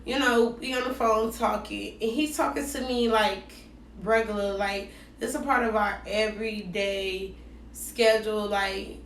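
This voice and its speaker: A woman telling a dating story in a casual, slangy, animated way, acting out both sides of the conversations. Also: medium pitch, unhurried, recorded from a distance, a little hiss or hum. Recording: roomy echo, voice set back from the mic.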